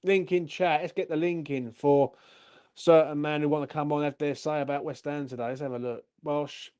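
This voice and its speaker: A man's voice: fairly high pitch, steady tone, moderate pace, a little mellow, clear, resonant tone. A young man, hosting a fan channel's post-match live stream and ranting furiously, with lots of swearing.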